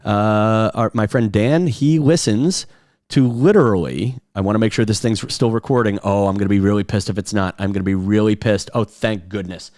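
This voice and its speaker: Man from Long Island, podcast host; low, dry voice; rambling comic monologue, lots of fillers. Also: normal speed, a little mellow, no room sound. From Long Island, New York. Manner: rambling, with frequent "uh" fillers and restarts. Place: home kitchen. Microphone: camera recording at a desk.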